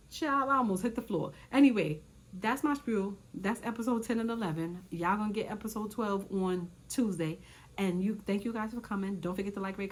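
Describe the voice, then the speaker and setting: A woman recapping reality show episodes in casual commentary, chatty and animated, often repeating herself for emphasis. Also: mid-range voice, breathy edge.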